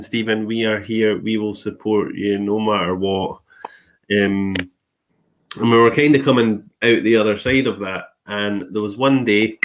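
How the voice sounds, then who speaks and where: A man with a low-pitched voice tells a story in a relaxed, chatty way. He laughs easily and slips into the voices of the people he quotes. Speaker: podcast host and medium. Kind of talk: casual storytelling chat.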